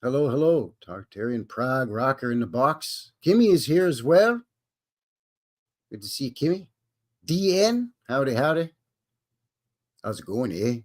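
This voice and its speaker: A man's voice: medium pitch, big pitch swings, unhurried, long pauses. A man with a Canadian accent hosting a live stream, greeting his chat in a jokey, folksy way. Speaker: livestream host.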